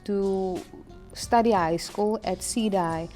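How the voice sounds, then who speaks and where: A young woman with a Cape Town accent answers interview questions in a mid-pitched, everyday voice. She speaks earnestly and stops often on "um" as she gathers her thoughts. Her pitch sits right at the middle. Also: mellow, faint music behind. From Cape Town, South Africa. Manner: earnest, with frequent "um" pauses. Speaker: interview guest, actress and writer.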